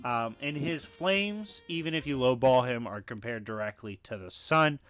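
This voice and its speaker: A man narrating a scripted argument in a brisk, matter-of-fact way, his voice a little raspy today, with filler ums. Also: mid-range voice, animated, a bit bright, faint music behind. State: slightly raspy voice. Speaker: video essay narrator.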